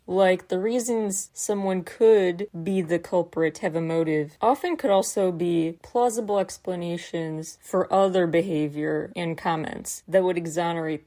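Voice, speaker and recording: A woman hosting a podcast, recapping a mystery episode in a chatty way with wry asides. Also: lowish voice. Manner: chatty, wry asides, quotes lines in animated voices. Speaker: podcast host. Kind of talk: recapping a K-pop variety episode.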